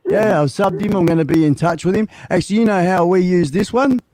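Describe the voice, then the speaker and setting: A high-voiced Australian man is guesting on a livestream from his home studio. He talks loud and rowdy, swears freely and sometimes breaks into a shout. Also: a little fast.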